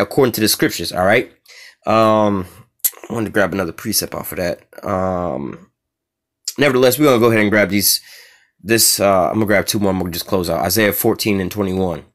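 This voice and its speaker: A man's voice: fairly low pitch, quick pace. A man teaching scripture in a loose, casual way. He reads verses aloud and explains them bluntly in street talk, with many fillers and a constant "all right?". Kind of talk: informal scripture lesson.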